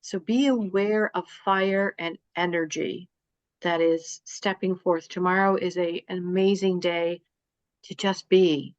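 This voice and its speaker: Woman astrology reader, halting rambly delivery, lo-fi dry recording. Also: lowish voice, steady tone, no room sound. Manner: rambling, halting with many fillers. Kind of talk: spiritual live-stream talk. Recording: dull dry lo-fi sound.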